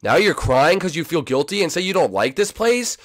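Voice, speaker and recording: A young man giving a comedic reaction commentary, incredulous and excitable, who keeps repeating himself. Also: fairly high pitch, a little fast, no room sound, studio quality. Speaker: YouTube commentator.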